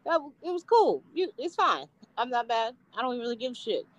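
A woman's voice: on the high side, lively intonation, fairly quick, dry recording, lo-fi sound. A woman co-hosting a podcast, talking in a blunt, profane, emphatic way during a casual chat. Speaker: podcast co-host.

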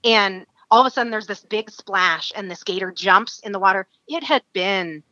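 A woman from Alaska, a guest, telling a story in a casual, animated way with many fillers and frequent laughter. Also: medium pitch, normal speed, no room sound, lo-fi sound.

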